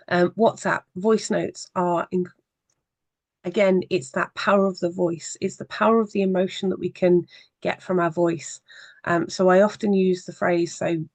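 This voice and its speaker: Gravelly-voiced social media trainer. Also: mid-range voice, a little mellow, no echo. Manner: conversational, explanatory teaching with frequent pauses. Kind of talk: evening workshop presentation.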